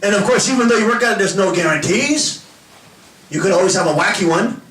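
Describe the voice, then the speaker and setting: A man preaching a sermon, animated and laughing often as he acts out little scenes for the congregation. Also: high voice, a little fast, roomy sound, recorded from a distance, background noise. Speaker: pastor. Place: church hall with an audience.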